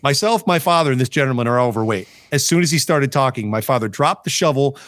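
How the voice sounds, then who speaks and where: A man's voice: mid-range voice, lively intonation, quick pace, a bit bright, no echo. A man co-hosting a podcast, telling a long story in casual chat, swearing often and breaking into laughter. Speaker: podcast co-host.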